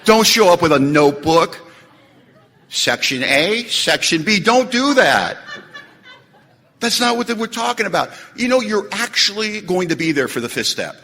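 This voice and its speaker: Animated joking man in an echoey hall. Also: high voice, unhurried. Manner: animated, joking storyteller acting out quotes. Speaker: recovery speaker. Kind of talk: recovery meeting talk.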